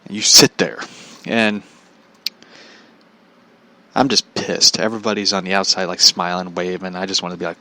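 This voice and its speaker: A man's voice: low voice, fairly even intonation, normal speed, pauses often, pushed and bright. A man telling a comedic story in a profane, exasperated way, laughing often. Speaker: vlogger.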